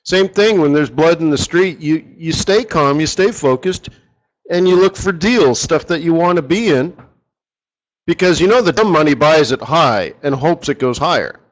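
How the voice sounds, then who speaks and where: A man's voice: on the high side, moderate pace, dull audio. A man running a live forex strategy session, talking casually and rambling, often asking his audience rhetorical questions.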